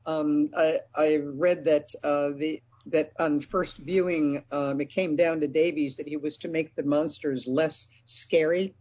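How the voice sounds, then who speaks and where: Man, podcast co-host, hesitant, slightly high voice, dull lo-fi sound. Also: fairly even intonation, unhurried, hardly any pauses, darkish tone, dry recording. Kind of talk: casual chat.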